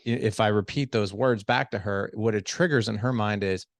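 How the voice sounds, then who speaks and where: A middle-aged man on a podcast as a guest, coaching on marriage skills in a lively conversational way and acting out quoted dialogue. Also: lowish voice, normal speed, dry recording, studio quality. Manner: animated, acts out quoted dialogue. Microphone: studio headset.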